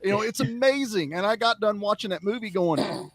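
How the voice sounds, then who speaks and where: A man co-hosting a casual film chat, animated and acting out quotes in funny voices. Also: high voice, a little fast, no room sound. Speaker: podcast co-host.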